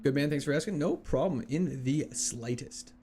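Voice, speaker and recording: A young man with a slightly raised pitch chats casually with his stream audience. He answers messages in a playful, joking way. Faint game music plays quietly behind him. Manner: playful, chatty, quick laughs, jokey mock French. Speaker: game streamer reading chat. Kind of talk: casual livestream chat.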